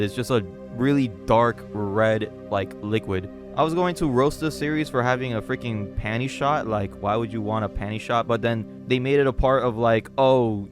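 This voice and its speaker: A young man recapping a manga and reacting casually, full of fillers and jokes. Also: medium pitch. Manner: casual, filler-heavy, joking. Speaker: manga reader and reviewer. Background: faint music.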